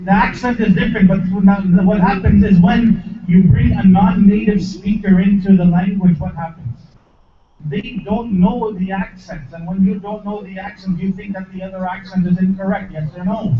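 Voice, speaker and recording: Brief: male preacher, higher voice, teaches and quizzes the crowd, far-off phone-like hall recording. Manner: lively, asks the audience questions. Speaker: shaykh giving a lecture. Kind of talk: mosque lecture to a congregation. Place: mosque hall. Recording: distant, echoey, phone-like hall recording with faint noise.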